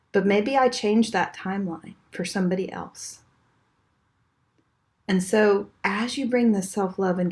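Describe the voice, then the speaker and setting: A woman guiding a meditation in a soft, slow, soothing way, her voice trailing off quietly at the end of phrases. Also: lowish voice. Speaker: energy healing teacher. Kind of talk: guided meditation.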